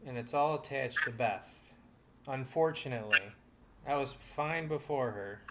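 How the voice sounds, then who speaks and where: A man co-hosting a relationship podcast, giving frank, gruff advice in casual chat. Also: mid-range voice, normal speed. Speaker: podcast co-host. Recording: noisy podcast recording.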